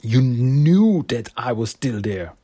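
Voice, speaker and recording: A man's voice: medium pitch, very animated, slow, mellow, slightly rough, full character voice. A man voicing a bitter young woman who was once a gang fighter, curt and cold. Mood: hurt.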